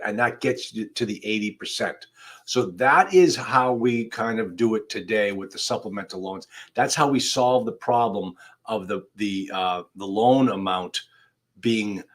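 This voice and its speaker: A man's voice: mid-range voice, a bit bright. A man, an attorney, hosting a live online law class in a conversational, emphatic way, speaking straight to his viewers. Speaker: attorney host. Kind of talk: livestream legal class.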